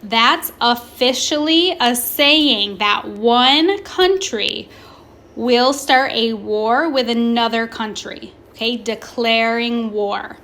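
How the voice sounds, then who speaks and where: Slow and deliberate, a bright-voiced woman teacher with a slightly high pitch runs a recorded remote classroom lesson. She elongates words to model how they're pronounced, then asks questions and leaves pauses for the students.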